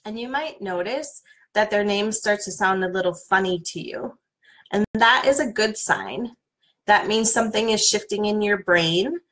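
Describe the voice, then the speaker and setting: Middle-aged woman coach, mid-range voice, gently guides listeners through tapping. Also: medium pitch, moderate pace, rough recording. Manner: calm, soothing guidance with playful repeated names.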